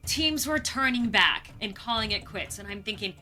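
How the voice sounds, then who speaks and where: Brief: American woman explorer, middle-aged, bright and a bit high voice, lively storyteller. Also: normal speed, soft background music. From United States. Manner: vivid, acts out quoted moments. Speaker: guest, polar explorer. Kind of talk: storytelling interview.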